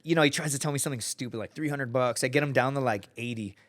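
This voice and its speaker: A man's voice: medium pitch, racing. A man from the United States, a podcast guest telling a story in casual talk, swearing freely and acting out the people he quotes. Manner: profane, animated, acts out quoted people.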